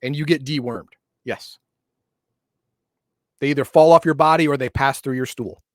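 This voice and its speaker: A man's voice: mid-range voice, moderate pace, no echo, clean studio sound. A man co-hosting a casual chat, explaining tabletop game lore in a loose, hedging way. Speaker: podcast co-host.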